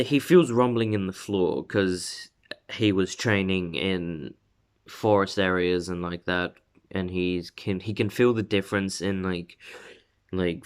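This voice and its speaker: A man with a somewhat low voice casually spins out a fan-made story. He rambles, circles back and corrects himself mid-sentence, stringing events together loosely. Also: clear, resonant tone. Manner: rambling, many fillers and self-corrections. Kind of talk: casual fan-fiction retelling.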